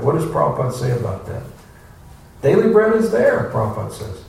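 A man's voice: a little high, big pitch swings, normal speed, gravelly. A man giving an informal scripture class, full of rhetorical questions and playful asides, recorded from a distance in an echoey room. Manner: folksy, rhetorical questions, acts out quotes. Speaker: spiritual teacher giving a class. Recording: echoey room, distant mic, faint noise.

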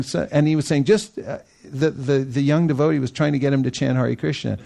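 A man giving a storytelling sermon, animated, acting out the people he quotes and laughing often. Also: mid-range voice, fairly quick, vocal fry. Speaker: devotional speaker.

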